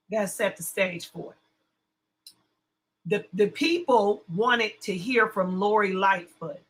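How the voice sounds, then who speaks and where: A woman's voice: medium pitch, lively intonation, takes it slowly, pauses often, a bit bright, rough recording. Brash woman host with a sore throat. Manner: blunt, cussing, chatty, greets viewers. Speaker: livestream host. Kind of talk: casual commentary livestream.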